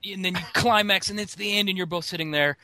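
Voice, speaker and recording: A man's voice: sits high, fast talker, sharp tone, no echo. A man co-hosting a casual comedy podcast, playful and rambling as he tells his bits. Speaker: podcast co-host.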